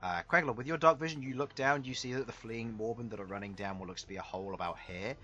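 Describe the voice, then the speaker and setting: A man's voice: mid-range voice, quick pace, bright, forceful tone. A man narrating a tabletop game as dungeon master, laughing often as he goes.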